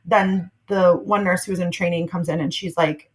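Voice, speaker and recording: A woman's voice: on the low side, fairly even intonation, moderate pace, low-quality recording. A young adult woman talking candidly and reflectively, recounting her own experience as a podcast guest and acting out what people said. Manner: candid, reflective, acts out quoted voices with laughs. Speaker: guest sharing her birth story. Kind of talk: conversational storytelling.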